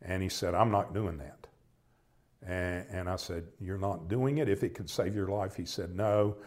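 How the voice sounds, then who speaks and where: An older American man telling a personal story in a reflective, halting way, often quoting conversations. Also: low-pitched, darkish tone. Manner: reflective, halting, with many restarts and quoted dialogue.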